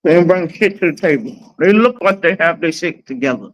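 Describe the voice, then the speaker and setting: A woman's voice: fairly low pitch, expressive, brisk, dull audio. A woman in her forties hosting a livestream, chatting casually with blunt, profane, dramatic storytelling. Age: 40s. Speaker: livestream host.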